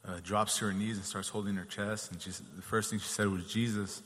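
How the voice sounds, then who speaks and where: A man telling a guest story in a plain, steady way, with many fillers. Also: on the low side, fast talker, big-room sound. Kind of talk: casual storytelling.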